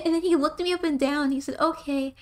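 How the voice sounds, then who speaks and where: A woman's voice: sits high, steady tone, brisk, a little mellow. A young woman streamer who reads game text aloud and tells rambling stories between lines, laughing often. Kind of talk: casual game commentary and reading.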